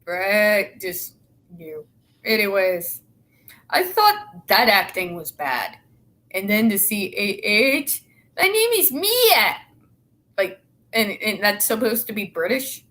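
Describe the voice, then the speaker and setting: A woman's voice: medium pitch, lively intonation, slow, pauses often, a bit bright. A young woman in casual, opinionated chat, blunt and sarcastic with a lot of swearing. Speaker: show co-host.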